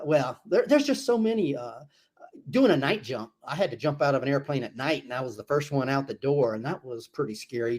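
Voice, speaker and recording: A middle-aged American man, an army veteran, answering interview questions in a halting way with many restarts and self-deprecating laughs. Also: mid-range voice, darkish tone. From United States. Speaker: guest, army veteran and author. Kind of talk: casual interview chat.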